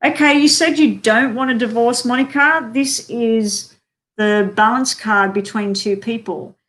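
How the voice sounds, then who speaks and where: A woman's voice: on the high side, unhurried, a bit bright. A woman giving live-streamed tarot readings, chatty and talking to viewers by name with many ums. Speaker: tarot card reader.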